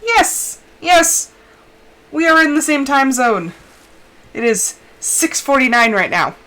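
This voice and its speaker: A woman's voice: sits high, animated, unhurried, sharp tone. A young woman streaming a game, chatting and telling stories casually and laughing often. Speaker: live streamer. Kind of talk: casual chat while gaming. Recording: background noise.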